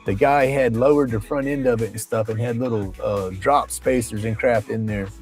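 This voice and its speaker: A man's voice: medium pitch, steady tone, moderate pace, a little mellow. Brief: livestream host, man, casual and profane storyteller, faint background music. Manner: rambling, colloquial, profane, with Southern phrasing.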